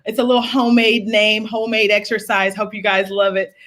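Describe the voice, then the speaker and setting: A woman's voice: mid-range voice, little pitch movement, a little fast, fairly bright tone. A woman singing teacher leading a live online workshop, chatty and encouraging, laughing easily between exercises.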